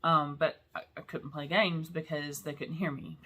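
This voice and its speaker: Bright-voiced chatty woman vlogger. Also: low-pitched, moderate pace. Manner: chatty and emotional, laughing between sentences. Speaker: vlog host. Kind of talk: casual chat.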